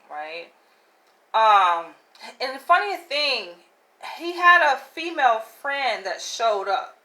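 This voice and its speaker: Speaking directly to her audience, a woman vlogger shares candid stories, laughing easily and constantly dropping "like" and "right?". Her voice is a little high, bright, forceful and sing-song, and she takes her time; the audio quality is rough.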